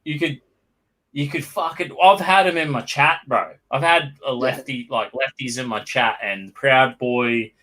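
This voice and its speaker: Aussie host guy, bright forceful voice, swears a ton, blunt chat. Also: medium pitch, measured pace. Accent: Australian. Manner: blunt, profane, emphatic. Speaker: podcast host. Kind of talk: casual podcast banter.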